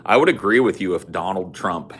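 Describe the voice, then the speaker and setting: A man's voice: deep voice, expressive, brisk. A man hosting a casual streamed podcast chat, talking bluntly and swearing a lot. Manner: profane, blunt, opinionated. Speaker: podcast host.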